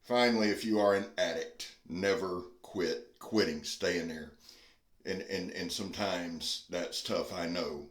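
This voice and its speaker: A man with a fairly low voice talks through a knife review in a relaxed, folksy way. He sounds earnest and plain-spoken, and the recording has a noticeable roomy echo. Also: measured pace. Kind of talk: casual review vlog.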